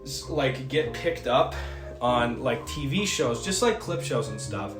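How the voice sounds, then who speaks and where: A man in his twenties chatting casually on a stream, telling a story in a rambling, animated way. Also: medium pitch, unhurried, reverberant, music in the background. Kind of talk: casual chat. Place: indoor streaming room.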